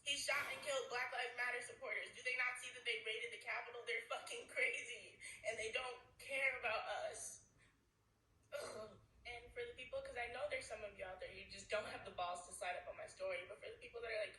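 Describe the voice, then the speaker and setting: A young woman records herself on a phone, upset and tearful as she angrily tells what happened to her, swearing as she goes. Her voice is bright and tense. It sounds roomy and a little far from the mic, with faint background noise. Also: fairly high pitch, fairly even intonation, fairly quick. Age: young adult. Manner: indignant, swears often. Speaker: store clerk telling her story. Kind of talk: phone story video.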